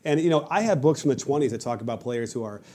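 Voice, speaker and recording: A man telling stories on a podcast in a rapid, animated way, often restarting his sentences. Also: mid-range voice. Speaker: podcast guest, basketball coach and creator. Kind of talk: casual podcast conversation.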